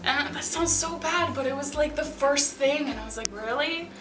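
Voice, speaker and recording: A young woman vlogger tells stories to the camera in a chatty, wry way, full of sarcastic asides and "like"s. Her high voice moves at normal speed over music, recorded in an echoey room with a distant mic.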